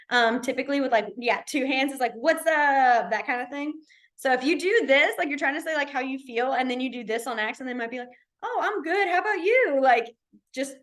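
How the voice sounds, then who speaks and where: A young woman teaches a beginner sign language class online in a casual, chatty, demonstrative way, using lots of fillers. Her voice is on the high side and a bit bright.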